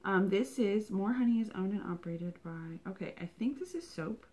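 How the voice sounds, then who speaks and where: Woman host, casual unboxing vlog, excitable and chatty, average pitch, slips into whispers. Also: moderate pace. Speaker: subscription box reviewer.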